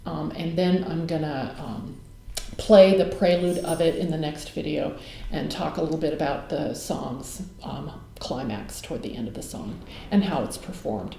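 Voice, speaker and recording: Mellow-voiced woman teaching from home. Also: sits low, normal speed, vocal fry, slight background noise. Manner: relaxed, frequent ums and uhs. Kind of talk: casual video lecture. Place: home music room. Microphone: camera mic. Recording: roomy echo of a home room.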